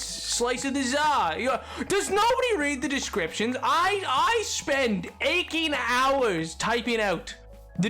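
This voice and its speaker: A young man streaming, bantering with his chat in an excitable way, stammering over repeated words and breaking into laughter often. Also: very high-pitched.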